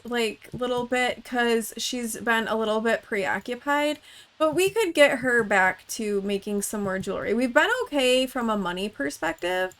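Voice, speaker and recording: A woman's voice: fairly high pitch, fairly bright tone. A woman hosting her own gaming channel, giving chatty let's-play commentary and talking straight to the characters in her game.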